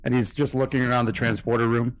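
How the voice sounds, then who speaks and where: A man in the role of game master, chatting in a relaxed way with fillers while running a tabletop game over voice chat. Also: mid-range voice, quick pace, rough recording.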